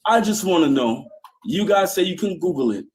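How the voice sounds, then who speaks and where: Combative man with a husky voice. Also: sits high, animated, normal speed. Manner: combative, talks over others. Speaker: Christian caller. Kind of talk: live call-in debate.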